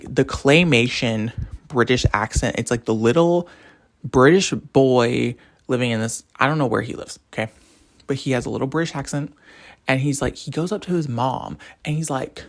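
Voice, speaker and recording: A man's voice: medium pitch, gravelly. A young man in college ranting casually to camera, rambling from topic to topic. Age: young adult. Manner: animated, rambling, jumps between topics. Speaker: college student vlogger.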